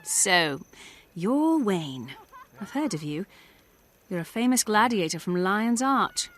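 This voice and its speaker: A woman's voice: medium pitch, very animated, slow pace. A coaxing, scheming plant-woman. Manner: coaxing, wheedling. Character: flirtatious scheming female plant-person. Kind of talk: video game voice acting.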